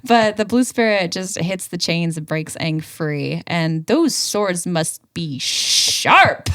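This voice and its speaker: A woman's voice: on the low side, animated, slow pace, fairly bright tone, no echo, studio quality. A woman co-hosting a casual podcast recap, playful and joking, laughing often. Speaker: podcast co-host.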